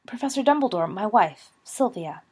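A woman's voice: medium pitch, lively intonation, moderate pace, a little mellow, slightly rough. A woman voicing a worried, hesitant middle-aged father. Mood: anxious.

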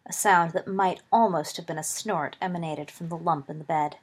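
Husky-voiced woman reading a story. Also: on the low side, fairly even intonation, normal speed, few pauses. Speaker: reader. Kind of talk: scripted story narration.

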